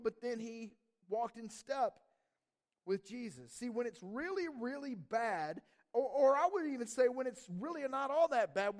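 Male pastor, sermon, animated, casual slang, high voice, very expressive.

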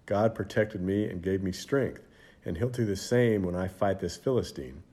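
A man's voice: low-pitched, moderate pace, mellow, close to an everyday voice. A man voicing a brave young shepherd boy who speaks with earnest, defiant confidence in a children's Bible storybook. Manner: earnest, bold, indignant. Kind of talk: storybook character voice.

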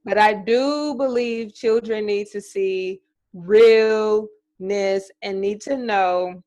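A woman's voice: mid-range voice, slow pace, darkish tone. A young woman co-hosting a casual chat show who speaks emphatically and encouragingly and laughs often. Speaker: podcast co-host.

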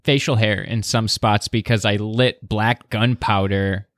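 A man co-hosting a casual podcast, telling a story in a halting way with stammers and restarts. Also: on the low side, steady tone, fairly bright tone, no echo, studio quality. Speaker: podcast co-host.

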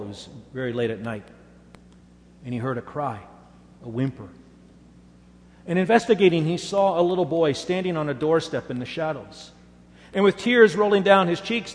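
A man's voice: a little high, in a large hall. A man preaching a sermon, telling stories earnestly and making emphatic assurances to his congregation. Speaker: pastor.

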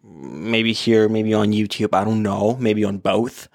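A man's voice: fairly low pitch, slow pace, vocal fry, darkish tone. A man hosting his own podcast alone at home, talking candidly and rambling, with many fillers and frequent swearing. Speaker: podcast host. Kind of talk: casual solo podcast monologue. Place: home, apartment. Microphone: podcast microphone on an iPad.

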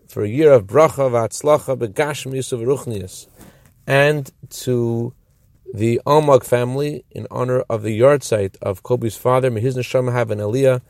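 A man speaks as a rabbi giving a brief Torah lesson. His voice has a rough, gravelly texture, and the sound is dry with no room echo. He explains in a measured way and slows down to press home key phrases. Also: mid-range voice, darkish tone. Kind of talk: short recorded Torah teaching.

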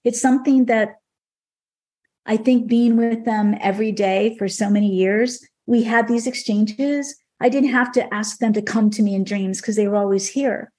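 A woman's voice: on the high side, steady tone, normal speed, a little mellow. A woman on a podcast telling an emotional personal story in a conversational, earnest way, with many fillers. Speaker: podcast guest speaker.

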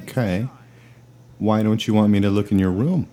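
A man acting in a comedy sketch, with a dry, exasperated deadpan delivery. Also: on the low side, normal speed. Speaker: comedy podcast host.

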